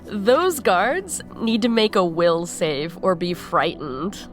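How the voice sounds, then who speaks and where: A woman's voice: lowish voice, expressive, slow pace, faint music behind. A woman playing a tabletop game, playfully describing her character's actions. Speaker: player.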